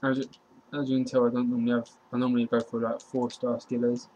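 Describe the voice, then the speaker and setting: A young man, casually commentating his own football video game match, excitable and slangy, talking to the game and his opponent. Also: mid-range voice, fast, dull audio, a little hiss or hum. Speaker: gaming YouTuber.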